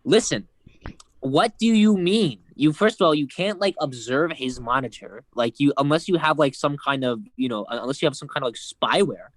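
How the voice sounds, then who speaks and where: A man's voice: mid-range voice, normal speed, dry recording. A man commentating casually with friends, teasing and mock-exasperated.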